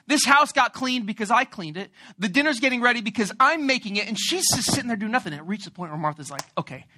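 A male preacher giving a sermon with a bright, sharp voice. He tells stories in an animated way and jokes with his listeners. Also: very high-pitched, fast. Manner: animated, joking storyteller.

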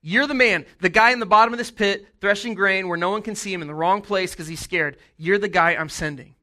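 A man giving a casual, jokey sermon, retelling a story with animated asides and acted-out voices. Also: high voice, fairly quick. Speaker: preacher.

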